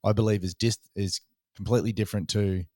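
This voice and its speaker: A man's voice: lowish voice, fairly even intonation, fast, mellow, no echo, clean studio sound. A middle-aged Australian man hosting a podcast, chatting and reflecting casually with his guest. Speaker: podcast host. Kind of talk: casual interview chat.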